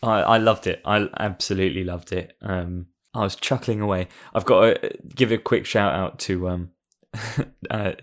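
A man's voice: low-pitched, fairly even intonation, normal speed. A man co-hosting a casual film chat, joking and laughing easily. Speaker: podcast co-host.

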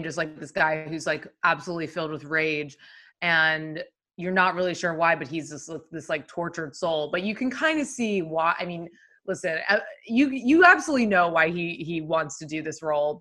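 A woman co-hosting a relaxed film podcast, her voice on the lower side for a woman. She is playful and quick to agree, bouncing jokes back at her co-host. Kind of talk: casual film podcast chat.

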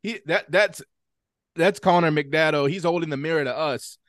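A man's voice: fairly high pitch, normal speed, fairly bright tone, no echo, studio quality. A man co-hosting a podcast, tossing in conspiratorial jokes and stammering asides in casual chat. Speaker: podcast co-host.

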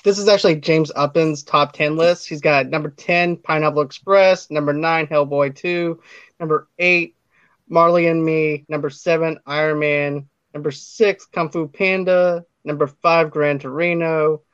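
A man hosting a casual podcast, briskly reading a listener's list and moving the talk along. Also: fairly high pitch, steady tone, a bit bright, clean tone, dry recording. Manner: brisk, reads out listener lists and moves things along. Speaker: podcast host. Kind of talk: casual chat. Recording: dull, lo-fi sound.

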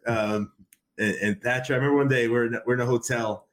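A man's voice: mid-range voice, quick pace. A man talking casually as a podcast guest, rambling with many repeated fillers and restarts. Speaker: podcast guest, wrestling commentator. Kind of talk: casual conversation.

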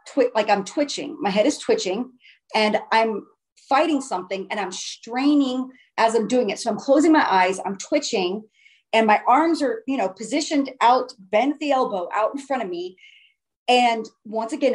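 Woman, higher voice, casual first-person storyteller, earnest and emphatic, restarts phrases.

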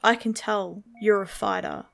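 A woman's voice: mid-range voice, fairly even intonation, vocal fry, soft background music. A woman voicing a terse, impatient man who gives curt, grim advice. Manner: curt, blunt, no pauses.

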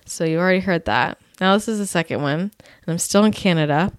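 A woman's voice: lowish voice, quick pace, dry recording, studio quality. A young American woman from California, a podcast host, chatting in a bubbly, casual way with plenty of fillers. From California, USA. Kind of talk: casual chat.

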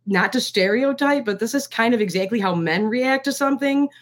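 Chatty woman reviewing a film. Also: fairly high pitch. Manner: animated, quick restarts, acts out quotes. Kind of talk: casual podcast chat.

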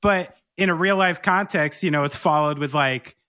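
A podcast host man with a high, tense, bright voice. He chats loosely, cursing and joking about himself. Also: normal speed. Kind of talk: casual podcast chat.

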